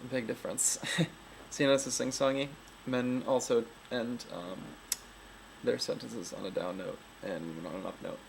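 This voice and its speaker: A woman's voice: very deep voice, steady tone, normal speed, vocal fry, a little hiss or hum, low-quality recording. A woman giving a casual, rambling voice tutorial, full of fillers and frequent laughs. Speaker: voice coach.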